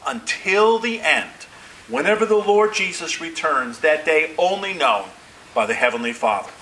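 A man preaching a sermon as pastor, delivering his points deliberately with emphatic pauses. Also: a little high, expressive, pushed and bright, poor audio. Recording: faint hiss.

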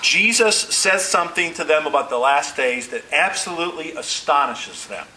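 A man preaching a sermon as pastor, delivering his points deliberately with emphatic pauses. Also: on the high side, lively intonation, sharp tone, low-quality recording. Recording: faint hiss.

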